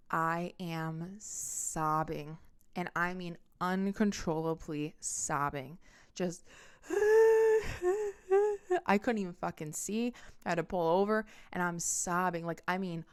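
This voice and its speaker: A woman's voice: lowish voice, fairly bright tone, clean tone. A young woman telling a personal breakup story on her podcast, emphatic, with lots of swearing and acted-out quotes. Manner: acts out quotes and horn sounds. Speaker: podcast host. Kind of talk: storytime monologue.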